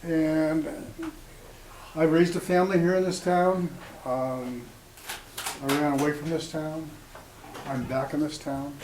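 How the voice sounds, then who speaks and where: A man's voice: a little high, level tone, noisy background. Older man telling stories in an echoey room. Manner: halting, conversational, with many ums and restarts. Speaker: storyteller at an open mic. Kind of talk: spoken storytelling to a small audience. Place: small cafe gathering room. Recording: echoey room with faint ambience.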